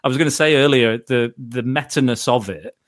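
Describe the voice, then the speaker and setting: A man's voice: medium pitch, a little fast, dry recording, clean studio sound. Rambling man hosting a podcast. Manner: rambling, many restarts and fillers. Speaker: podcast host. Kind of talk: casual film discussion.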